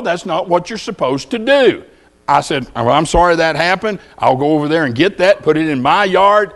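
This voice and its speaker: Folksy Texan preacher with a lively, high voice. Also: male voice. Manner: folksy storytelling with rhetorical questions. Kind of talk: sermon.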